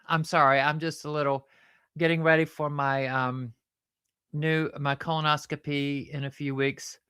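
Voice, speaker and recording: Woman rambling to her puppet sidekick, smooth voice, dry room. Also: deep voice, level tone, a bit bright, no room sound. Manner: rambling, halting, fond of fillers. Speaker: puppeteer and show host. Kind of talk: casual chat.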